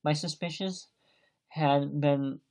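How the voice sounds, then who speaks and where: A man's voice: a little high, steady tone, slow pace, gravelly, darkish tone, a little hiss or hum. A man reading a novel aloud as an amateur audiobook reader, in a plain delivery that sometimes stumbles over words.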